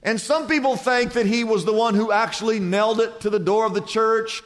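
A man preaches to his congregation in an animated way, acting out characters as he tells a joke. His voice sits high for a man. The sound carries the long reverb of a large church hall. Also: brisk. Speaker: pastor. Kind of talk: sermon.

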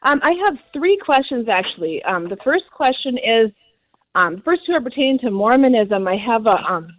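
A woman's voice: on the high side, expressive, moderate pace, no echo. A woman calling in to a radio show, asking her questions hesitantly with many ums. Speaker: caller. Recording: tinny phone line.

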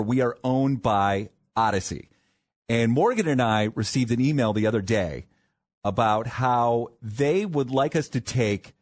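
A man hosting a radio morning show, talking casually with jokes and rambling asides. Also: mid-range voice. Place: radio studio.

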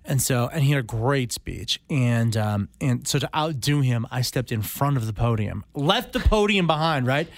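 A man's voice: medium pitch, lively intonation, moderate pace, few pauses. A man co-hosting a podcast in casual chat, a jokey storyteller. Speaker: podcast co-host.

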